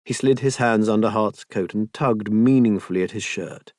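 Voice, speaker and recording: A man narrating a romance audiobook in an expressive, intimate reading. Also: fairly low pitch, moderate pace, dry recording, clean studio sound.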